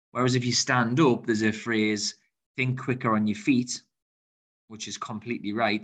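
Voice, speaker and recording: A man's voice: on the low side, fairly bright tone. A man talking casually as a host, giving sales advice with energy, often repeating himself and acting out phone calls.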